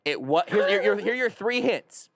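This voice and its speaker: A man's voice: high-pitched, lively intonation, moderate pace, gravelly, a bit bright, no room sound. A man hosting a sports radio show, joking in casual banter with mock exasperation. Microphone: studio microphone.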